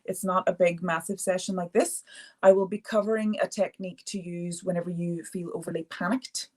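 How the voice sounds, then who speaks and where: A woman's voice: fairly low pitch, steady tone, a little fast, a little mellow. A woman hosting a live art therapy stream, chatting casually, laughing often and answering viewer comments as she goes. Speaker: art therapy session host.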